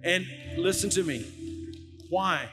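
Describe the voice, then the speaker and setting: Speaking slowly in a high voice, a middle-aged lead pastor preaches, acting out quotes loudly within animated stories. The recording has faint music and a long hall reverb.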